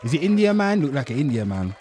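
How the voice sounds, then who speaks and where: A man's voice: mid-range voice, very animated, quick pace, mellow, a faint crowd, slight background noise. An English man in his thirties hosting a casual reaction commentary, swearing freely and talking straight to his chat. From England. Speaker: host.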